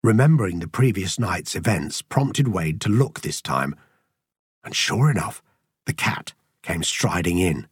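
A man narrating an audiobook in a measured, even storytelling manner. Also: deep voice, breathy edge, no echo. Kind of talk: scripted narration.

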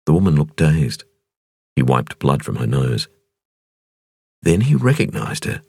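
A man reading a thriller audiobook in a measured, expressive narration. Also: a bass voice, gravelly, husky, dry recording. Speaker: audiobook reader.

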